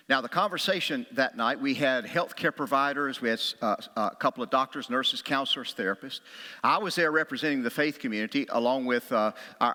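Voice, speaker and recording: Bright-voiced pastor preaching in a hall. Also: male voice, mid-range voice. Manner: animated storytelling, acts out quotes with a raised voice or a whisper. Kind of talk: sermon. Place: church sanctuary. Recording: long hall reverb.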